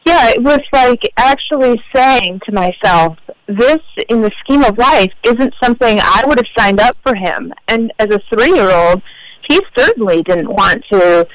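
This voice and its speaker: A woman's voice: a little high, expressive, a little slow, dry recording, poor audio. A woman in her forties, a guest author on a radio interview show, telling personal stories in a reflective, earnest way.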